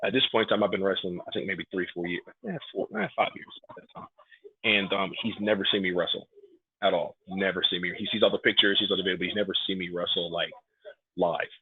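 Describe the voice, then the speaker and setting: On a tinny line that sounds like a phone, a pro wrestler in his thirties guests on a relaxed podcast interview. Born in New York and brought up in Atlanta, he talks fast in a low, husky voice and brings his stories to life by acting out the quotes.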